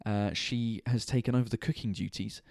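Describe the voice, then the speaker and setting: A man's voice: fairly low pitch, fairly even intonation, moderate pace, gravelly, a little mellow, no room sound, clean studio sound. Tired man chatting casually. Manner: swears freely, rambling and chatty. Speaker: podcast and livestream host. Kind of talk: casual chat. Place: home kitchen at night.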